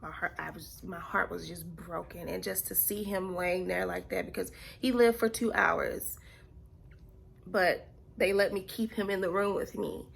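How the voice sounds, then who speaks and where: A young woman vlogger telling a personal story in an earnest, halting way, often repeating herself and sometimes dropping to a near whisper. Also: lowish voice, fairly even intonation, vocal fry, husky.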